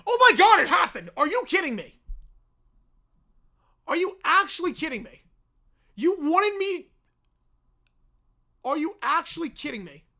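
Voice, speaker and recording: A man hosting a live stream, reacting with loud disbelief and laughter. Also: very high voice, very animated, measured pace, creaky, pauses often.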